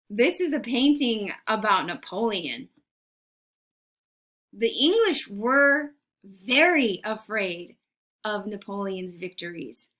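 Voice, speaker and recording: Woman teacher, eager lecture style, asks the class questions, slow pace, bright voice. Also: medium pitch. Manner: enthusiastic, rhetorical questions to the class. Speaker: art history teacher.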